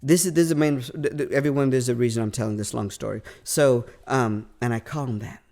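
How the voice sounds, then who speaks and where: A man from California, a comedian and podcast guest, telling a long story in casual chat, animated and repeating himself as he goes. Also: mid-range voice, a little fast, gravelly. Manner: animated storyteller, repeats words, laughs at own punchlines.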